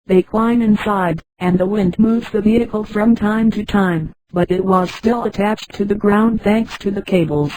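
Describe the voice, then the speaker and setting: A text-to-speech woman's voice narrating a story in a flat delivery, reading punctuation marks aloud. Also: mid-range voice, unhurried, few pauses, a little hiss or hum, low-quality recording.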